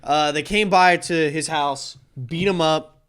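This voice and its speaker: Guy co-hosting a movie podcast, slightly higher voice, chatty and animated. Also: unhurried, clear, resonant tone. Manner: animated, retells scenes with quoted voices. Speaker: podcast co-host. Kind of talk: casual movie review chat.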